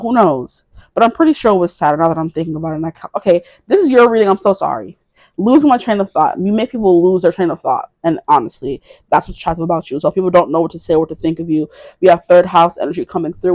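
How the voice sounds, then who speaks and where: In her twenties, a woman gives a casual tarot reading to the camera, rambling, correcting herself and giggling. Her voice sits fairly low with a darkish tone, and the recording is dry.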